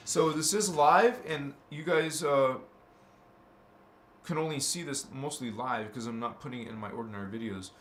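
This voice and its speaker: A man hosting a spiritual livestream, talking in a gentle, earnest, halting way to his viewers. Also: medium pitch, echoey room. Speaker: livestream host.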